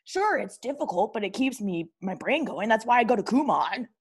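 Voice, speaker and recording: Brash teen prankster boy voiced by a woman, husky and fairly high, calls everyone bro. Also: big pitch swings, normal speed. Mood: boastful. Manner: slangy, boastful, calls people bro. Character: brash cocky teenage boy breakdancer and prankster. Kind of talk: improv comedy interview.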